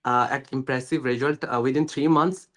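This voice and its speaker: A man's voice: mid-range voice, fairly even intonation, brisk, fairly bright tone. A young man from West Bengal with an Indian English accent, earnestly explaining his learning journey in a casual conversation, with many hesitations and fillers. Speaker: guest.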